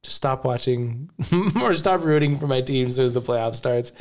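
A man's voice: mid-range voice, measured pace, a little mellow. Rambling, emotional male podcast host. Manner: rambling, emotional, laughs often. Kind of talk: casual chat.

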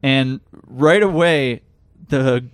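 A man hosting a casual podcast at an ordinary mid pitch, rambling and circling back on himself as he talks. His voice is recorded close and dry, with no room around it. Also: extremely slow, clean tone, no echo. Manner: rambling, hesitant, many restarts. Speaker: podcast host. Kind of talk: casual chat.

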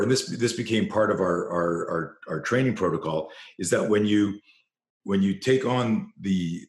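A man's voice: low-pitched, echoey room. A man, a self-defense instructor, telling a story as an interview guest, passionate and profane, often restarting his sentences.

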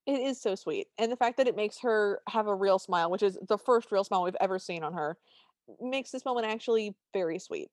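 Wry mid-pitched woman, dry sound. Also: fairly quick, no room sound. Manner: wry, laughs often while narrating scenes. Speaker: podcast co-host. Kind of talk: casual chat recapping a film.

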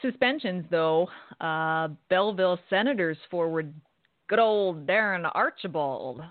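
A woman's voice: on the low side, lively intonation, measured pace, no room sound. A woman co-hosting a hockey radio show, reading a sponsor spot and giving league news with dry, sardonic asides. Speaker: podcast co-host. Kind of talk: hockey radio talk and scripted sponsor read. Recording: tinny phone-line sound, dry.

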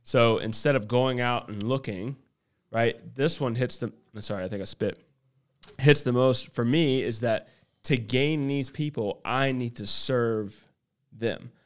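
A man's voice: mid-range voice, measured pace, clear, resonant tone. A man with a mid-range voice talks casually. He works through his ideas aloud, circling back and restarting as he goes. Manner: thinks aloud, with many restarts. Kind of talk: casual conversation.

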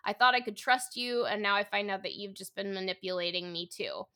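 Woman doing an angry young heroine, blunt, swearing, bright voice. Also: mid-range voice, a little fast, close to an everyday voice. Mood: indignant.

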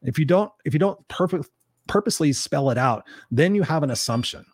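Speaking fairly high and a little fast, with lively intonation and a slightly rough edge, a middle-aged man runs a motivational livestream about relationships. He is earnest and emphatic, reading viewer comments and quoting them loudly. The audio is clean studio sound with no room sound.

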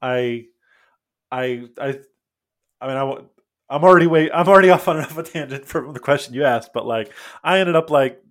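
An American comic book author, appearing as a podcast guest in a casual interview, tells long anecdotes in a mid-range voice at a moderate pace. He rambles off on tangents, interrupts himself and chuckles as he goes.

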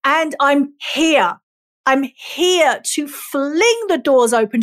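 A woman's voice: high voice, fairly bright tone. A woman hosting a motivational podcast, speaking in earnest, emotional, emphatic affirmations that repeat and now and then swear for emphasis. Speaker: podcast host and life coach.

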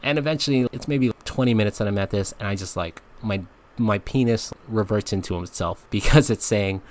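A man hosting a podcast, telling a frank comic story in a casual, animated way and laughing often. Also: fairly low pitch, brisk. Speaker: podcast host.

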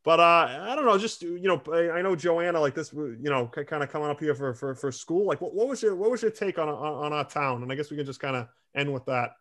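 A man's voice: on the high side, animated, fast, hardly any pauses, a bit bright. A man hosting a casual podcast, rambling and joking with lots of fillers. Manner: rambling and jokey, with many fillers. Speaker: podcast host.

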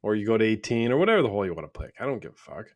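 On a laid-back podcast, a male co-host jokes around and swears freely as they chat. He has a lowish voice, very animated, talking at a racing pace.

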